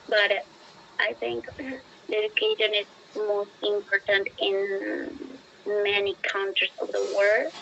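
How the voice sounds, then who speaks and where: In a noisy setting with the high frequencies cut off, a Peruvian teacher in her twenties chats casually to practice English. She has a mid-range voice with vocal fry and a Peruvian Spanish accent, and she hesitates, hunts for words and asks others to repeat themselves.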